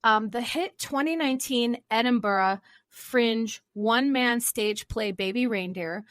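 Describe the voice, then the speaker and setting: A woman's voice: a little high, unhurried, no room sound, clean studio sound. A young woman therapist hosting her own podcast, talking earnestly and rambling a little, with self-deprecating asides. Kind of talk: solo podcast talk.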